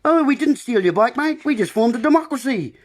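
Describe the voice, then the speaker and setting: A man's voice: very high-pitched, expressive, fairly quick, voice pushed up. A man mimicking a smug gang of male bike thieves, in a mocking, self-satisfied way.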